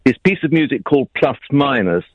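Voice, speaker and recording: A man's voice: medium pitch, lively intonation, brisk, no room sound. A man calling in to a radio show to tell a story, speaking politely and hesitantly with many fillers. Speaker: caller. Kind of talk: phone-in storytelling. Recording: dull phone line.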